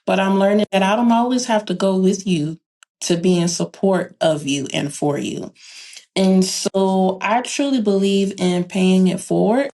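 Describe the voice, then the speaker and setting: A woman's voice: medium pitch, vocal fry. A woman guest on a podcast chatting casually and telling stories, acting out quoted dialogue with animation. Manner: animated storyteller who acts out quoted dialogue. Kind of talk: casual chat.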